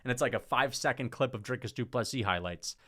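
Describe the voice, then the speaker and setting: A man's voice: mid-range voice, fast talker, bright, forceful tone. A man giving casual, emphatic opinion commentary as a YouTube MMA commentator, with frequent "like" fillers.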